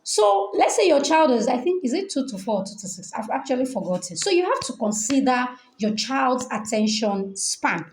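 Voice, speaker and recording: Animated Nigerian woman coaching parents. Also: high voice, normal speed, hardly any pauses. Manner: animated, repeats key points, asks "okay?". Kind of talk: online training session. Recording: echoey room.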